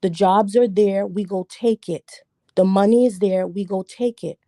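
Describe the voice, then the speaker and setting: Emphatic woman from Jamaica, mellow and dry. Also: medium pitch, fairly even intonation, a little slow, no room sound. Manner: emphatic, argumentative, repeats points for stress. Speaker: livestream panelist. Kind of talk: livestream discussion.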